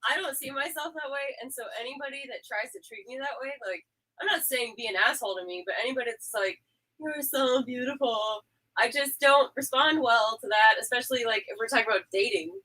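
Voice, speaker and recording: A woman's voice: a little high, brisk, sharp tone, rough recording. A woman chatting casually, playful and sarcastic, calling herself a little too spazzy. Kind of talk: casual chat.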